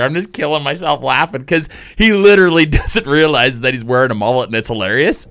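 A man's voice: medium pitch, a little fast, hardly any pauses, a bit bright, no echo, clean studio sound. A man from western Canada telling funny stories in a casual chat, laughing often and swearing casually. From Saskatchewan, Canada. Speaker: podcast guest, comedian.

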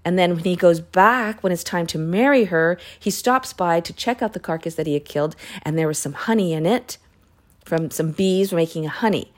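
A woman's voice: lowish voice, moderate pace. Chatty woman retelling Bible stories. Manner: chatty, with self-corrections and asides. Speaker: Bible reading podcaster. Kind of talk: casual Bible story retelling.

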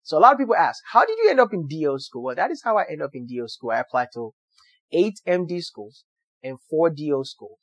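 A man's voice: on the high side, sing-song, fast, fairly bright tone, no echo. A young man earnestly telling a personal story to viewers, with motivational emphasis. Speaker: doctor sharing his story.

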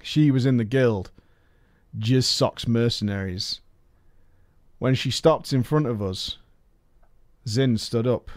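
A man's voice: mid-range voice, slow pace, long pauses, darkish tone, dry recording. A man narrating a comedic story in a playful way, chuckling at his own telling.

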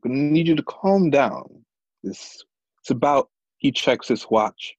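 A man role-playing a firm, officious agent at a tabletop game. His husky voice swings up and down, heard through a dull, dry, lo-fi mic. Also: medium pitch, expressive, unhurried, dry recording. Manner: stern, officious, repeats "ma'am". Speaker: player. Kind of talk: in-character tabletop role-play.

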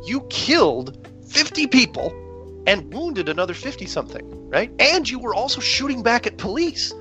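A man's voice: very high-pitched, big pitch swings, pushed and bright. A man talking in a heated, rambling way, restarting sentences and often asking "right?" as he argues his point. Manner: heated, rapid, many restarts and rhetorical "right?". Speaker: podcast guest with his own channel. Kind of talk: casual conversational rant. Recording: dull lo-fi sound with faint music.

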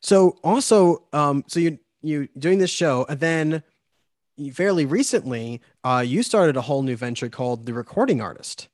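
Podcast host, man, New York accent, chatty and rambling, slightly higher voice, dry close sound. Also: expressive, normal speed, a little mellow, no room sound. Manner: chatty, rambling with many fillers. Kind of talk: casual interview chat.

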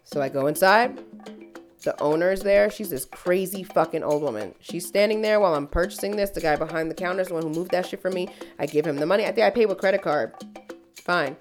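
A woman's voice: fairly low pitch, brisk, soft background music. A woman podcast host telling a story in casual chat, swearing freely and ranting. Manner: profane, heated storytelling rant.

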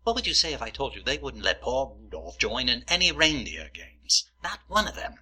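A man playing a fussy, pedantic man who needles and lectures his roommate, indignant and drawn-out in a comedy sketch. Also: mid-range voice, very animated, pushed and bright, slightly rough, heavily acted. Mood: lecturing. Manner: prissy, indignant, drawn-out storytelling.

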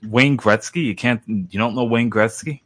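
A man's voice: medium pitch, normal speed, fairly bright tone, slightly rough, no room sound. A man chatting casually on a gaming panel, rambling and sarcastic with a mock-grumpy edge. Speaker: podcast panelist. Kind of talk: casual chat.

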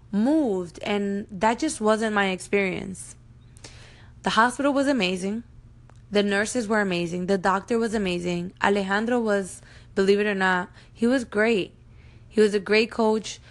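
A woman in her thirties telling her own birth story to her viewers, emotional and earnest, speaking to them directly. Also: medium pitch. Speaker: mom vlogger. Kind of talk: personal storytelling to camera.

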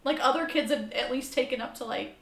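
Bright, gravelly, animated woman in an echoey room. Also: fairly high pitch, a little fast. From United States. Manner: animated storyteller, swears freely, acts out her own reactions. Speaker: podcast guest. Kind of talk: casual chat. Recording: roomy echo.

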